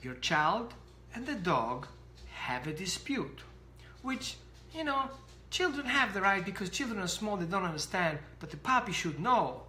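A dog trainer giving an animated explanatory talk to camera, acting out little scenes. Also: mid-range voice, unhurried, echoey room.

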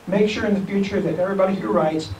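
A man's voice: high voice, fairly even intonation, fast, darkish tone. A man, a county school superintendent, talking informally to a group, rambling and correcting himself with small chuckles. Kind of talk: informal talk to a civic group. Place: meeting room. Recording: echoey room, distant mic, faint hiss.

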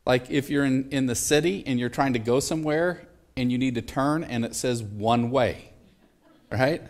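A middle-aged male pastor preaches in a church sanctuary, speaking at normal speed in a medium-pitched voice. His sermon is loose, conversational and jokey, and he often asks the congregation questions.

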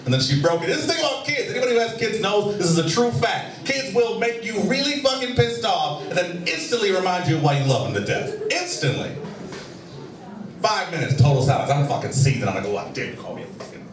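A man's voice: high-pitched, big pitch swings, brisk. A man doing a stand-up comedy set, telling a profane story with an exasperated edge and acting out bits of dialogue. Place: bar comedy stage before a live audience. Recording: echoey room, distant mic, loud crowd laughter.

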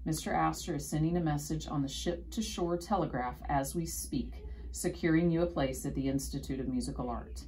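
A woman's voice: low voice, brisk, a little mellow, slight background noise. A woman reading a storybook aloud, voicing an enthusiastic, kindly male music teacher who chirps with eager encouragement.

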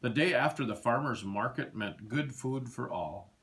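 A man reading a children's picture book aloud in an animated, sing-song storytelling manner. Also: medium pitch, normal speed.

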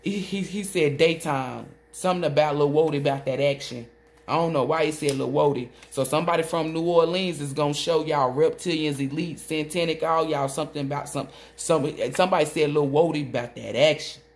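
Excitable, foul-mouthed woman tarot reader. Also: deep voice, a little fast. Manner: excited, profane, rambling, relays spirit messages; swoops between loud outbursts and muttering. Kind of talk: solo tarot reading video.

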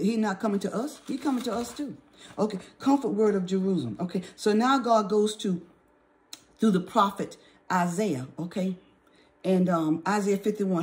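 Woman Bible teacher, mid-pitched voice, reads scripture with "uh"s, punctuates points with "okay?". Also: a little mellow. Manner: repeats "okay?" often, reads scripture aloud with fillers.

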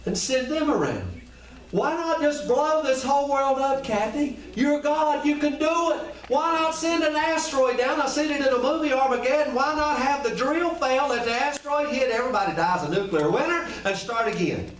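A man's voice: extremely high pitch, expressive, normal speed, slight background noise. A man preaching an informal sermon in a colloquial way, asking the congregation question after question. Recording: echoey room, voice from far off the mic.

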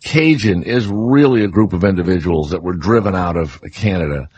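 A man's voice: sits low, moderate pace, darkish tone, husky, no echo, dull audio. A man in his sixties with a New Orleans accent, hosting a casual radio talk show and telling rambling stories full of fillers and restarts. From New Orleans, Louisiana. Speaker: radio host.

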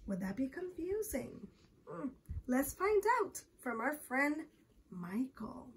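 Woman teacher, storybook read-aloud, expressive, questions to children, high voice, lively pitch. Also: takes it slowly. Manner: expressive, asks the listener questions.

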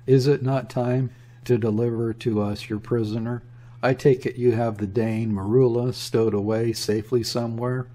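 A man's voice: medium pitch, steady tone, normal speed, dark tone, lightly acted. A man voicing a polite young naval lieutenant who speaks formally and soothingly. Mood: coaxing.

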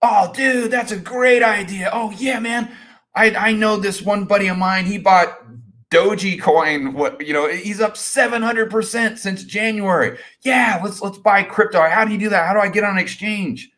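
An excitable dude-bro buddy gushing over a hot investment tip, as a man puts him on. The voice jumps well above the man's own pitch, eager and breathless with hype. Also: moderate pace. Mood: excited. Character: hyped-up male crypto buddy, excitable.

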